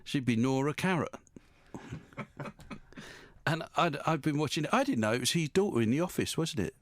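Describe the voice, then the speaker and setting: A man's voice: a little high, expressive, moderate pace. A male radio presenter chatting casually in a studio, rambling and joking and laughing at his own quips.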